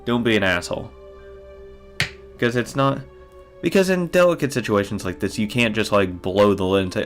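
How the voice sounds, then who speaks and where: Brief: let's-play reader, male, low and gravelly, emphatic and profane. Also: moderate pace, pauses often, soft background music. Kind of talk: reading a visual novel aloud with commentary.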